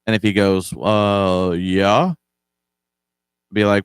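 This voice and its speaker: A man tells a long story in a relaxed monologue and acts out the lines of the people in it. His voice sits low and comes across smooth and resonant. The recording is dry, with the mic close. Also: slow pace, no echo. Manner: conversational, acts out quoted dialogue. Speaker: podcast host.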